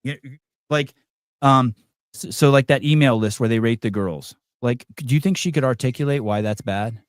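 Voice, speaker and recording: A man's voice: medium pitch, normal speed, no echo, studio quality. Blunt rambling man in casual talk. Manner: rambling, many restarts and fillers, blunt and profane. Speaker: podcast host. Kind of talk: casual chat.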